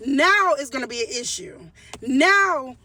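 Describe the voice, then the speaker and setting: A woman vlogger talks straight to her viewers in a heated storytime rant. Her voice sits high and rings bright. She hammers her points by repeating them and often restarts her sentences. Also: lively intonation, a little slow, distant mic. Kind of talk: casual storytime rant to camera.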